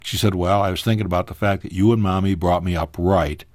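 A man telling a personal story as a guest on a radio talk show, animated, his voice leaping higher at emotional moments. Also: quick pace, dry recording. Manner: animated, pitch jumping high in emotional moments.

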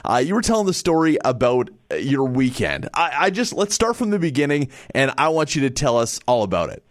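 A man's voice: mid-range voice, big pitch swings, a little fast, dry recording, studio quality. A man hosting a morning radio show and interviewing a caller in an upbeat way. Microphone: studio microphone.

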